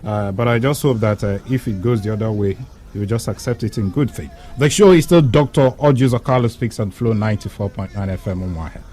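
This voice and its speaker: A man with a Nigerian accent hosting a radio talk show in a studio, introducing segments in a calm, measured way. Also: on the low side.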